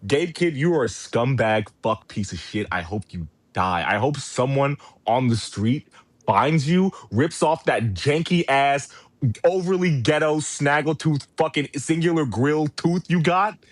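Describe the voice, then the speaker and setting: A man co-hosting a wrestling podcast rants furiously in a medium-pitched, animated voice, yet unhurried. He swears heavily in this profane podcast chat and throws in a mock British impression. There's no room sound.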